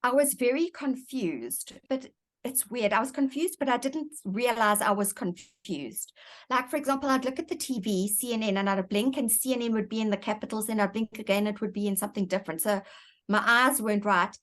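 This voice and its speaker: A woman's voice: on the high side, a little fast, a bit bright. A woman guest in an interview, telling her personal story in an earnest, reflective way and often repeating words as she thinks.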